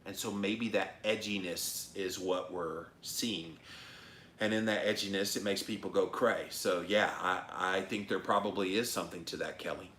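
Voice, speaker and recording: A man's voice: sits low, fairly even intonation, moderate pace, a bit bright, a little hiss or hum. A middle-aged man hosting a live-stream show, chatting casually and emphatically while he reads viewer comments aloud. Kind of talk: casual livestream chat reading comments. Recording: echoey room.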